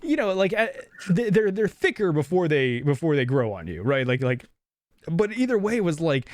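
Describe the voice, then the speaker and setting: A man from the western United States co-hosting a podcast, talking through his thoughts slowly, with lots of restarts. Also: on the high side, sing-song, dry recording, studio quality. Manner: thoughtful, hesitant, many restarts and fillers. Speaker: podcast co-host. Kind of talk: casual movie review chat.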